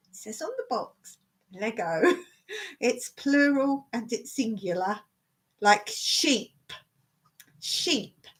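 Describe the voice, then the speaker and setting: A woman hosts a relaxed live stream, chatting and laughing through her pet peeves. Her voice sits a little high. She talks at an unhurried, easy pace. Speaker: vlogger hosting a live stream. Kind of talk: casual live-stream chat.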